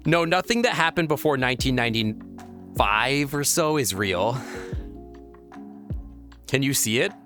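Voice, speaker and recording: A playful young man talks loosely on a live stream, rambling through viewer messages. His pitch bounces all over the place and keeps jumping into squeaky high exclamations. Faint music plays underneath. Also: lively intonation, unhurried, long pauses. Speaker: VRChat streamer.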